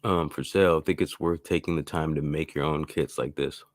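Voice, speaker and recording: A man's voice: a bass voice, steady tone, fairly quick, slight background noise. A man hosting a casual live-stream beat-making tutorial, talking in a loose, rambling way with lots of fillers and restarts.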